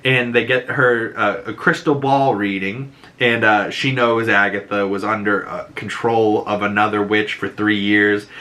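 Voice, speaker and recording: A young man with a Boston accent casually recapping a TV episode, animated and laughing often, acting out quotes in higher voices. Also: measured pace. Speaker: show reviewer.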